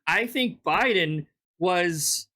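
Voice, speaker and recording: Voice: medium pitch, expressive, very slow, bright, forceful tone. A reaction-channel host giving casual, exasperated, sarcastic commentary with heavy swearing.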